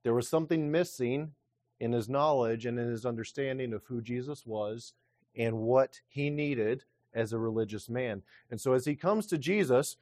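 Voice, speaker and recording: A man pastor delivering a sermon, reading scripture slowly and preaching with emphasis. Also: mid-range voice, darkish tone, no echo, studio quality.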